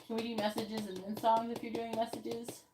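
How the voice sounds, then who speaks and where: On a live stream full of loud background noise, a tarot reader with a fairly high, fairly quick voice that barely moves in pitch shuffles her cards. She's blunt, curses freely and asks the same questions again and again.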